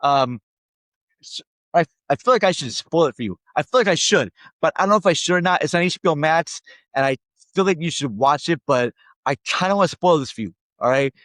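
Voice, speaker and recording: A man from Minnesota chats through a movie review in a loose, rambling way, often checking in with his viewers. His voice sits a little high, and his frustration builds as he goes. The recording is dry and close. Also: animated, a little fast, fairly bright tone, no echo. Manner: rambling and conversational, keeps tagging lines with "all right?"; gets worked up and exasperated. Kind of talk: casual spoken movie review.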